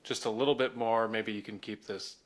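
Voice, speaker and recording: A man's voice: on the low side, fairly even intonation, fairly quick. A man hosting a podcast, asking casual, rambling questions with many fillers. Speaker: podcast host. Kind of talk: casual interview chat.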